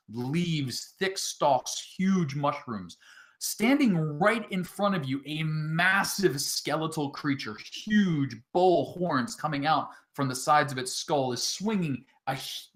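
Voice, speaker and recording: A man narrating as game master of an online tabletop game, halting often with filler sounds between phrases. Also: fairly high pitch, fairly bright tone.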